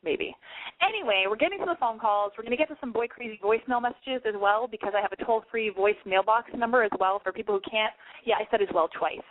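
A woman's voice: a little high, fast, phone-quality sound. Frantic, swearing woman podcast host. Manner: frantic, swearing, self-mocking. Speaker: podcast host taking calls. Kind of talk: casual call-in podcast chat. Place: her apartment.

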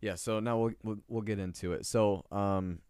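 A man's voice: fairly low pitch, fairly even intonation, normal speed, darkish tone, clear, resonant tone, no room sound, clean studio sound. A young man co-hosting a podcast, chatting casually and jokingly about a book, rambling and poking fun at himself. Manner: rambling, jokey, self-deprecating. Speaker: podcast co-host.

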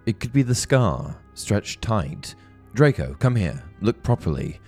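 A man voicing an older aristocratic wizard father who urges his son on with eager excitement. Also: fairly low pitch, a little slow, soft background music, full character voice. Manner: excited, pressing, urgent.

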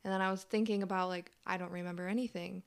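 A woman's voice: fairly low pitch, steady tone, fast talker, creaky, clear, resonant tone. A young woman in her twenties, an interview guest, telling her story plainly and matter-of-factly. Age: 20s. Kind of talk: personal account in an interview.

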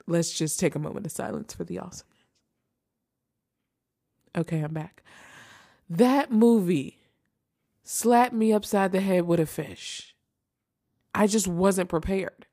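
A woman's voice: fairly low pitch, unhurried, pauses often, warm tone, no room sound, clean studio sound. A young woman hosting a casual chat show, gushing over favorites and repeating phrases for emphasis. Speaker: host ranking holiday movies.

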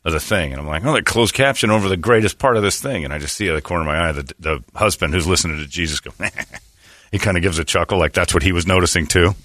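Casual host, a man with a low bright voice, lively storyteller, dry close mic. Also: fast talker, dry recording. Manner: animated storyteller, jokey. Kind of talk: crude comedic banter.

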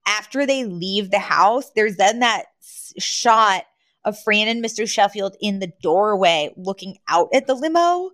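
A woman hosting a podcast, recapping a TV episode in casual chat, animated and laughing often as she acts out quotes. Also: medium pitch, unhurried, dry recording. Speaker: podcast host.

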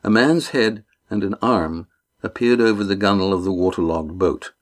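Man reading a story, low voice. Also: normal speed. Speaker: narrator. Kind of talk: audiobook narration.

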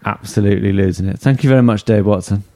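A man's voice: on the low side, fast talker, mellow. A man hosting a casual football podcast chat, jokey, laughing often and trailing off mid-sentence. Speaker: podcast host.

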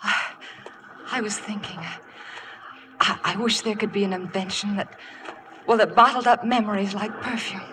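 An actress playing a shy, stammering young heroine. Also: female voice, medium pitch, fairly even intonation, normal speed, long pauses, noisy background, close to an everyday voice. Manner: stammering, hesitant. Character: shy, timid young woman narrator, poor and awkward. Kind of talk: 1940s radio drama acting. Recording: old radio broadcast with music behind.

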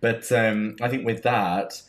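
A man's voice: lowish voice, fairly even intonation, slow, fairly bright tone. A man co-hosting a casual movie review podcast, easygoing and thinking aloud as he talks. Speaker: podcast co-host.

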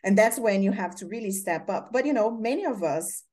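This woman's voice is mid-range, darkish and animated, and she talks briskly. Born in Brazil with Portuguese as her first language and a Brazilian accent, she hosts a casual interview chat, spinning rambling, filler-laden stories.

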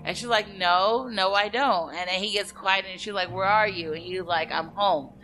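A woman recapping a film in relaxed conversation, with plenty of "like" and "uh" as she quotes the characters. Her voice is bright and forward. Quiet music plays in the background. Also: lowish voice, a little fast, poor audio. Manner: chatty, fillers, quotes characters. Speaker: podcast co-host recapping a film. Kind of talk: casual chat.

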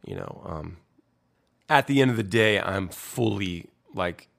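A man's voice: low-pitched, lively intonation, measured pace, creaky. A young man from a band talking casually and candidly about the meaning of his song lyrics, swearing often and rambling with fillers.

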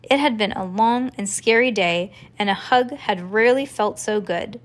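A woman reading a children's storybook aloud to a child, with a calm storytelling cadence. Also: mid-range voice, moderate pace. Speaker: reader to a child.

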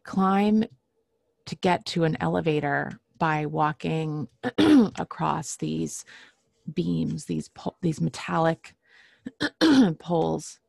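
Woman, low voice, slow pace, halting with fillers, frequent throat clearing. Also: a little mellow, no echo, studio quality. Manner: halting, many fillers and restarts. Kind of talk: casual personal storytelling.

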